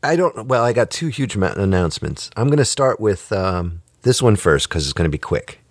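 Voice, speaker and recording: A man's voice: lowish voice, sing-song, no room sound, clean studio sound. A male podcast host in casual chat, playful and teasing. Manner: playful, teasing, quick to laugh.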